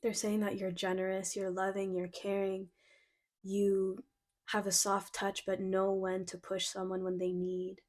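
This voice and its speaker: A young woman doing a casual intuitive card reading, excitable and giggly, gushing and a bit flustered, full of "like" fillers. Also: medium pitch, measured pace. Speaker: tarot card reader.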